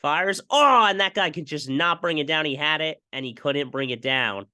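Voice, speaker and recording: A young man giving a casual play-by-play breakdown of a football game. He gets excited and copies broadcast calls, and he keeps repeating stock phrases. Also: on the high side, moderate pace, clean tone, dry recording. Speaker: fan video commentator.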